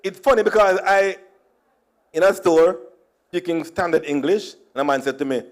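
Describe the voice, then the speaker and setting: A man's voice: fairly high pitch, moderate pace. Jamaican man telling funny stories. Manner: mixes Jamaican Creole with standard English, playful, acts out dialogue. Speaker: conference speaker. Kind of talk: humorous storytelling speech. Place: conference hall.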